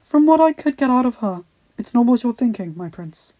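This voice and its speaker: A woman's voice: on the high side, expressive, normal speed, voice pushed up, lightly acted. A woman voicing a loyal male knight who speaks formally and respectfully, in a storybook reading. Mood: earnest. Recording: dull lo-fi recording.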